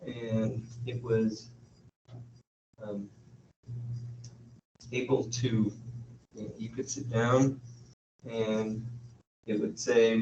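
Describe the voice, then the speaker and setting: A man giving a university classroom lecture, thinking aloud in a halting way with frequent pauses. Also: lowish voice, little pitch movement, a little mellow, slight background noise. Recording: echoey, dull room sound from far off.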